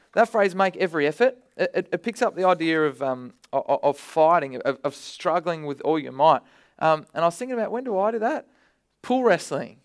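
A man preaching a sermon, conversational with bursts of energy, often repeating words. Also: high voice.

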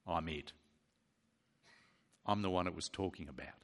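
A man preaching, dropping into a low, hushed, matter-of-fact voice to quote Jesus as calm and quietly certain. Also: brisk, natural voice.

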